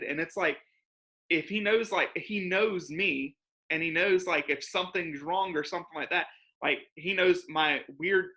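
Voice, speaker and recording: A man's voice: on the high side, pushed and bright. A young man co-hosting a church podcast, chatting casually and rambling, with lots of fillers and laughs. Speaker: co-host.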